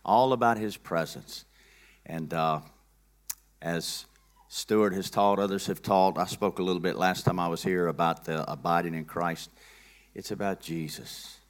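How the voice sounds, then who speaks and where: A low-voiced man delivers an earnest sermon. He speaks in a folksy, emphatic way. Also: steady tone, unhurried. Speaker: preacher.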